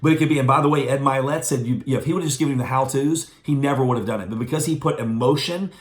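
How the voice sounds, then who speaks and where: A man speaking at a middle pitch, giving a motivational business training in quick, animated bursts. The room around him is roomy and echoey. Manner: fast, animated storytelling.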